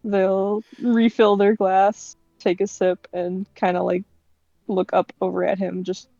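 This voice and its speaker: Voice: mid-range voice, level tone, unhurried, vocal fry, warm tone, no room sound, highs cut off. A player in a tabletop game, wry and laid back.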